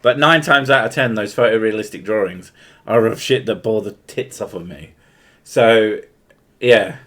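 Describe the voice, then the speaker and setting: A man's voice: fairly low pitch, moderate pace, a bit bright. A man, chatting casually on a stream, blunt and joking, with lots of swearing.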